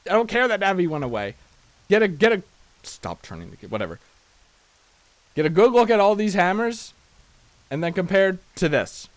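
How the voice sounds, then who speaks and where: A man with a somewhat high voice talks his way through a video game in casual commentary. He rambles, restarts his sentences and pokes fun at himself as he goes. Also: big pitch swings, normal speed, pauses often, no room sound. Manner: rambling, self-deprecating, chatty with frequent restarts. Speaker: let's play host.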